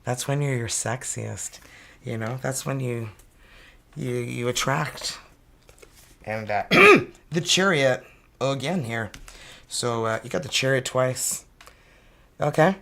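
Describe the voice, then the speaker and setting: A woman's voice: a bass voice, takes it slowly, gravelly, pauses often, a bit bright. A woman in her fifties giving chatty, upbeat tarot readings on a live stream. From Canada. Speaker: tarot reader.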